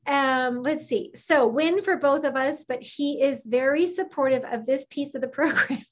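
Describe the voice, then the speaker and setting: Woman host, high bright pitch, gushing, effusive, middle-aged, live video call. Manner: effusive and gushing, sends kisses. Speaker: host of a health program. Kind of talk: live session reading out participants' comments.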